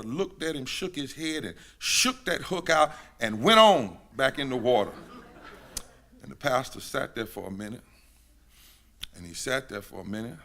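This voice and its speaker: A man preaching a sermon at a synagogue gathering, in a forceful, bright voice of ordinary pitch. He preaches in rhythmic repetitions that build to shouted climaxes. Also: creaky, slight background noise. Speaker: pastor.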